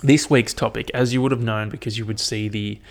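A man's voice: on the low side, steady tone, a little fast, gravelly. A young man hosting a casual solo podcast, rambling and swearing with lots of fillers. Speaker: podcast host.

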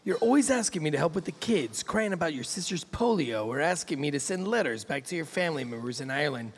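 A man voicing a crude, boastful macho man who narrates his own love scene, reading it in a lower, coarser voice than his own. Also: expressive, fast talker, slightly rough. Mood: scornful. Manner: coarse swaggering first-person reading. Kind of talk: comic reading of a novel excerpt.

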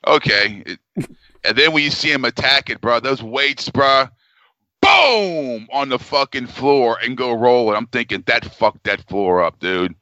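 A man's voice: medium pitch, animated, measured pace, bright, forceful tone, dry recording, muffled recording. A man co-hosting a casual podcast, telling stories bluntly with plenty of swearing. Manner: blunt, profane storytelling. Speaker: podcast co-host.

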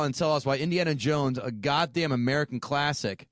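A man's voice: fairly high pitch, fairly quick, no echo, studio quality. A man co-hosting a podcast, chatting casually in a rambling, profane way with many restarts. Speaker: podcast co-host. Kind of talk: casual chat.

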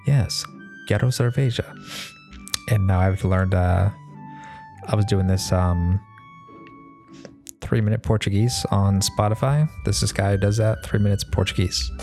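A man's voice: low voice, darkish tone. A man, a mechanic, talking in a loose, rambling monologue full of fillers and restarts, swearing now and then. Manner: laid-back, swears casually. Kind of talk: casual monologue.

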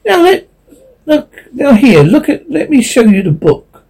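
A pushy casket salesman from an old radio horror play, put on by a reader, pitching his wares in a husky, mellow voice that climbs high when he gets eager. He keeps up a cheerful patter with little slips and restarts. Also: big pitch swings, a little slow, full character voice.

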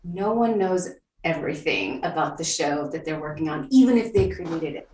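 A woman talks through her work in an unhurried interview, pausing and restarting as she thinks. Her voice sits on the low side. She sounds a little away from the mic, and the room is roomy. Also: sing-song, darkish tone, distant mic. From Vietnam, raised in Texas. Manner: thoughtful, many restarts and fillers. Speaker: TV writer, interview guest. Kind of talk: conversational interview.

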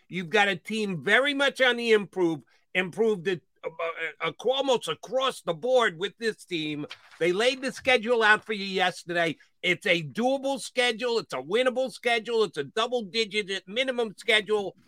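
A man's voice: high-pitched, expressive, normal speed, hardly any pauses, bright, forceful tone, no room sound. A man co-hosting sports talk radio, insistent and emphatic, barking short commands as he argues.

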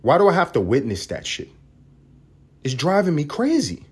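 Husky man ranting on a podcast. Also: fairly high pitch, huge pitch swings, moderate pace, a little mellow. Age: adult parent. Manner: profane, heated, sarcastic ranting. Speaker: podcast host. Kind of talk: ranting solo podcast commentary.

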